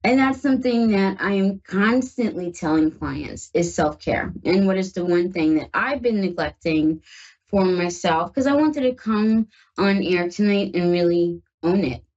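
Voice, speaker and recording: A woman's voice: lowish voice, expressive, a little slow, a little mellow, dull audio. A woman from the northern United States hosting a live call-in psychic radio show, chatty and reassuring as she reads tarot and talks to her listeners.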